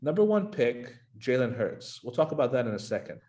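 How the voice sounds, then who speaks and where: A man's voice: mid-range voice, very animated, a little fast, warm tone. A man hosting a casual fantasy football podcast, asking his cohosts questions in a playful, joking way. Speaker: podcast host.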